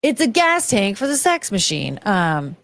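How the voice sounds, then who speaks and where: A woman's voice: mid-range voice, very animated, measured pace, vocal fry, fairly bright tone, dry recording. A woman hosting a casual livestream who rambles, chats to her pet and breaks into bits of song. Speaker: podcast host.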